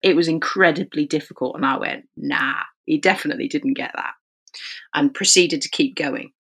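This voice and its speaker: Woman referee; animated podcast storyteller who acts out the voices in her tale, slightly low voice. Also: moderate pace, vocal fry, breathy edge. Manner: animated storyteller acting out dialogue. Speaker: rugby referee. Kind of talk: podcast anecdote.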